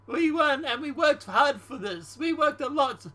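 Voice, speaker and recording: A man voicing a flattering Ukrainian president in a put-on Russian-style accent while reading a call transcript aloud. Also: extremely high pitch, measured pace, voice pushed up, heavily acted. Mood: eager.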